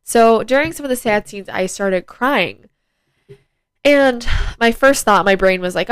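A woman's voice: on the high side, unhurried, clear, resonant tone, no echo. A teenage girl hosting her own podcast, talking casually and rambling with lots of ums and likes. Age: teens. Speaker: podcast host. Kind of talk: casual solo podcast talk.

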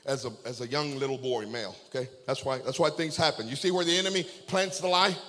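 A man's voice: medium pitch, fast, fairly bright tone. A man preaching a sermon as a pastor, telling a story and calling out amen and okay to his congregation. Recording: long reverb of a large hall.

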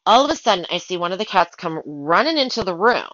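A woman telling stories from her work as a pet sitter in a casual, animated way, acting out her own panicked thoughts. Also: on the low side, quick pace, no echo, muffled recording. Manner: animated, dramatic retelling with excited asides. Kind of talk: casual storytelling.

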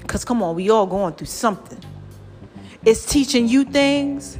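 A woman vlogger giving lively, preachy motivational talk straight to her viewers. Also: on the high side, measured pace, soft background music. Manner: lively and preachy, calls viewers "child" and "y'all".

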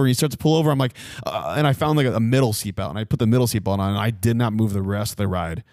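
Young male co-host, low voice, animated casual storytelling, dry close mic. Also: racing, hardly any pauses, no room sound. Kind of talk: casual chat.

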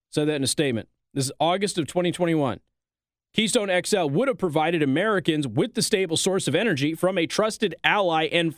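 A man with a fairly high voice delivers sarcastic commentary, reading headlines aloud and cutting in with mocking rhetorical questions. The recording is close and dry, with no room sound. His tone stays pointed and needling throughout. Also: a bit bright, no room sound. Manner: reads articles aloud then interjects. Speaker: political commentary host.

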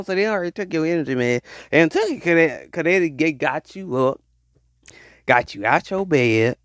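Podcast host, male, preachy and animated, lively high pitch. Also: no echo, studio quality. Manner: animated, preachy, repeats himself. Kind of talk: ranting monologue.

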